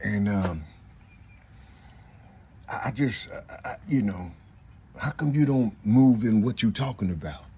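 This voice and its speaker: A man in his fifties rambles on to his viewers, circling back with "you see" and tripping over restarts. His voice sits very low. A faint hiss runs under the phone recording. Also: expressive, measured pace, long pauses, mellow. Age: 50s. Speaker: vlogger.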